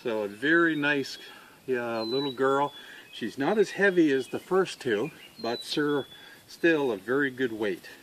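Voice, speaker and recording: A man showing his farm dogs and puppies outdoors, talking in an unhurried, halting way with many fillers and coaxing the dogs fondly. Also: mid-range voice, expressive, fairly bright tone, slight background noise. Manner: fond, coaxing talk to the dogs. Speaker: dog breeder selling puppies. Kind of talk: casual farm video walkthrough.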